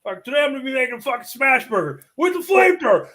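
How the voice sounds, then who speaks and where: A man who runs his own cooking channel, chatting on a livestream as a guest and telling stories in an excitable, profane way. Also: extremely high pitch, racing. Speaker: guest streamer. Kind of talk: casual livestream chat.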